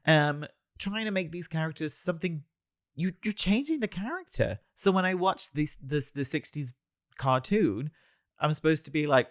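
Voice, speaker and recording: A man's voice: a little high, very animated, normal speed. A young man co-hosting a casual podcast chat after a few drinks, emphatic and opinionated, swearing freely. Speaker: podcast co-host.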